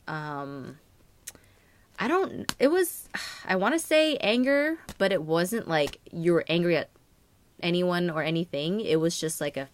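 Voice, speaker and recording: Low-voiced chatty woman tarot reader. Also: clear, resonant tone. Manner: rambling, many fillers and "like". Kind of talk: casual astrology reading.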